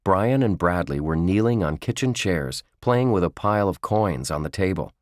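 A man narrating a children's book in a slow, measured storytelling manner. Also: low voice, animated, darkish tone, no echo, clean studio sound. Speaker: audiobook narrator.

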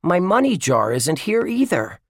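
A man's voice: medium pitch, a little slow, no room sound, studio quality, voice pushed up, natural voice. A man voicing a friendly young boy who teases his pal. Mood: teasing.

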